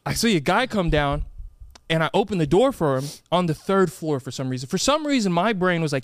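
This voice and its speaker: A young man on a podcast telling an animated, sweary story, acting out quotes and laughing often. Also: sits high, fairly quick, dry recording, clean studio sound. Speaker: podcast co-host. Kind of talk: casual storytelling chat.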